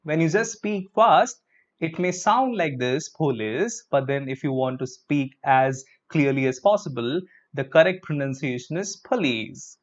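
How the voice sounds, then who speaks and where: A man's voice: fairly high pitch, lively intonation, unhurried. A man with an Indian English accent teaching a live English pronunciation lesson. He breaks words into syllables, has the class repeat each word with him, and slips in Hindi words like "chalo.". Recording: dull lo-fi sound.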